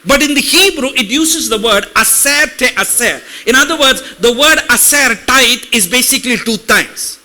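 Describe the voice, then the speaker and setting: A man preaches to his congregation in a very high, strikingly bright voice. He keeps asking the people in front of him questions and slows right down to sound out Hebrew words. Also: animated. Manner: talks directly to congregation with questions; reads Hebrew words slowly. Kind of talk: sermon teaching.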